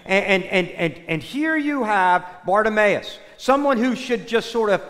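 A man preaching a sermon, telling stories in an animated way that swings between loud and soft. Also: high voice, measured pace. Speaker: priest. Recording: long hall reverb.

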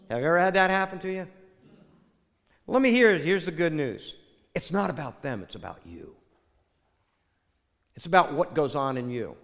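A man preaching a sermon, telling a joke in a folksy, animated way before turning to a Bible reading. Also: on the high side. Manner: folksy storyteller, animated with acted quotes. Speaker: pastor. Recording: long hall reverb.

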